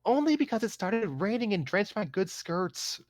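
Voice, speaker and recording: Man voicing a huffy young girl, scolding tone, raised pitch, close dry sound. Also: big pitch swings, moderate pace, no room sound, faint music behind. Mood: nagging. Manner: nagging, scolding.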